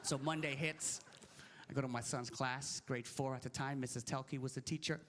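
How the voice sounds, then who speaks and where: A man in his thirties doing a stand-up set, ranting in an animated and incredulous way into a handheld stage mic. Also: mid-range voice, normal speed, background noise. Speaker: stand-up comedian. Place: comedy stage.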